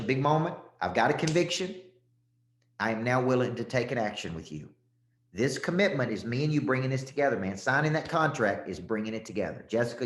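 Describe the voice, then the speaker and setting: A middle-aged man from Tennessee, coaching a live audience on sales closes in a punchy, emphatic way, checking in often with "okay?". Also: fairly low pitch. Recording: echoey room.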